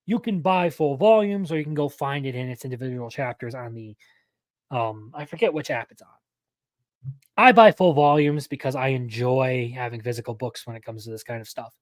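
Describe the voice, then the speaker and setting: A man's voice: medium pitch, normal speed, dry recording. A young man hosting a live anime news stream, talking casually and rambling, often correcting himself mid-sentence.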